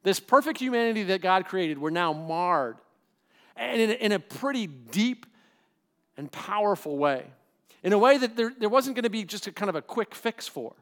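Male pastor, middle-aged, high voice, casual sermon delivery with acted-out quotes. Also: animated, normal speed, fairly bright tone. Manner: conversational preaching, acts out quoted voices.

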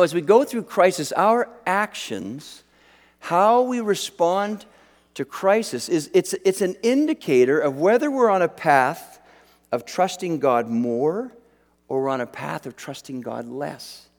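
A middle-aged man delivers a sermon, his voice pitched high for a man and swinging widely as he acts out the people in his stories. He restarts his sentences often, in a casual storytelling way. The sound carries a long reverb, as if from a large hall. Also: measured pace. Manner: animated storyteller, acts out quotes, frequent restarts. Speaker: pastor.

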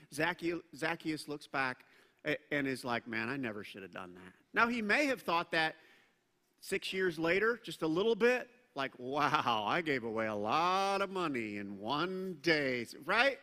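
Bright-voiced male pastor preaching. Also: on the high side. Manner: animated, acts out quoted voices. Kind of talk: sermon. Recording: long reverb of a large hall.

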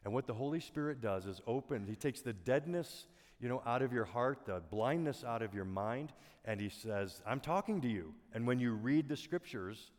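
A middle-aged man preaching a sermon as a pastor, earnest and soft-spoken, often dropping his voice almost to a whisper. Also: mid-range voice, animated, moderate pace. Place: church auditorium. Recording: long hall reverb.

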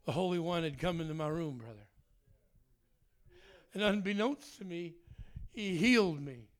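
High, smooth-voiced preacher. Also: male voice, expressive, moderate pace. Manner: fervent shouted prayer, then folksy storytelling. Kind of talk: charismatic sermon and prayer.

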